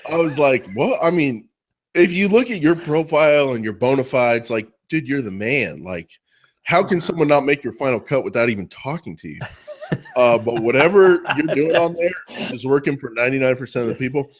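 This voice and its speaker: A man's voice: mid-range voice, animated, normal speed. Male podcast co-host, teasing casual storyteller. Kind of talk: casual chat.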